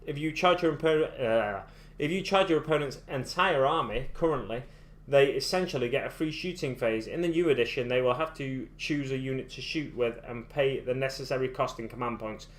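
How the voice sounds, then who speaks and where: A British man from the United Kingdom live-streams his miniature painting, chatting casually and thinking aloud in a rambling way with frequent restarts. His voice is medium-pitched and fairly quick.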